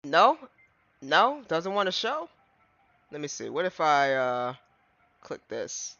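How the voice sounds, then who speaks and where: Giggly high-voiced man streaming a game. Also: big pitch swings, takes it slowly, bright, forceful tone, dry recording, dull audio, soft background music. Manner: giggly, rambling, talks to chat. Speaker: streamer playing a game live. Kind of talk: casual live-stream commentary.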